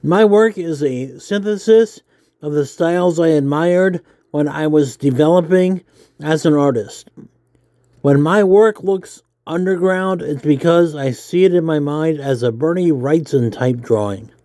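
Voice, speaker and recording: Man, nerdy voice, mellow tone, easygoing read-aloud with fillers. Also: fairly high pitch, measured pace, dry recording, studio quality. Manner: self-described nerdy voice, relaxed with fillers. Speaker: comics vlogger. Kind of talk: casual reading aloud while drawing.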